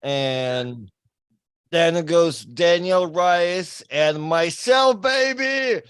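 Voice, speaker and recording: A man guest in a casual chat, running through a tournament bracket quickly and with easy laughs. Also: on the high side, smooth, no echo. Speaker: podcast guest, arm wrestler.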